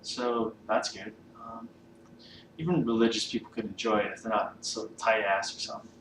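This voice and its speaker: Heard from a distance in an echoey room with a faint hiss underneath, this comedian-ranking vlogger has a lowish voice and flat delivery at normal speed. His casual monologue is unscripted and rambling, packed with fillers and frequent swearing.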